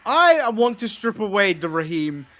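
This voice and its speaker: Animated man from England, mock-serious. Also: sits high, unhurried. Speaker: podcast co-host. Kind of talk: casual comedic chat.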